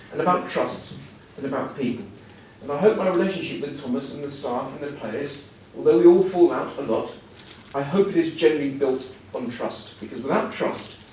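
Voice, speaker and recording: A man's voice: fairly high pitch, a little hiss or hum. A middle-aged man giving a chatty, self-deprecating talk as a guest speaker, telling anecdotes to an audience. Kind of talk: after-dinner style motivational talk. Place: large event hall before an audience. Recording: echoey hall, voice from far off. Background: audience laughter.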